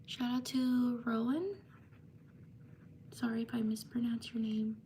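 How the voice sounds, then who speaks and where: A woman hosting a live stream, slowly reading out viewers' names with thanks, at times slipping into a soft whisper. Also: on the high side, level tone, a little hiss or hum. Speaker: livestream host. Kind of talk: live stream shout-outs.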